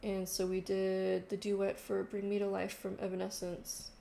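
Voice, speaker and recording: A woman's voice: mid-range voice, monotone, moderate pace, creaky, warm tone. A young woman telling a story in casual chat, lots of fillers and quoted voices, recorded in an echoey room. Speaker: vlogger. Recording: echoey room with faint noise.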